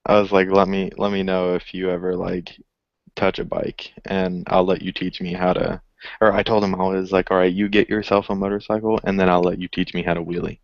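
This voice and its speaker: A gravelly, low-pitched man tells a profane story in a loose, casual chat, swearing freely and acting out everyone's lines himself. The recording is dry and a bit muffled, with a lo-fi sound. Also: fairly quick, no echo. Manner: profane, animated storyteller, acts out quotes. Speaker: podcast co-host. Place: indoors, garage.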